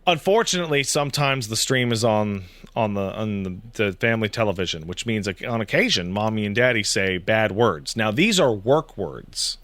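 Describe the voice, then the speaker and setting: A man in his thirties, a podcast co-host, telling a family story in casual chat, animated and swearing freely. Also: on the low side, normal speed, hardly any pauses, no room sound.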